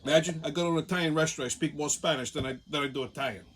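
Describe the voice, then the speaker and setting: A man's voice: on the high side, racing, over music. A man hosting a show, telling a rambling comic story full of profanity. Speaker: show host.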